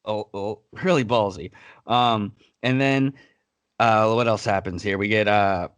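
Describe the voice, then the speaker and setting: A man's voice: fairly low pitch, lively intonation, a little slow, fairly bright tone, dry recording. A man hosting a casual podcast, breaking down a TV episode in a heated, blunt way and swearing freely. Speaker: podcast host.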